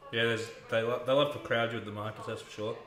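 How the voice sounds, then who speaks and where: A man co-hosting a casual livestream with quick, joking banter. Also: mid-range voice, steady tone, roomy sound. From Australia. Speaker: co-host of livestream.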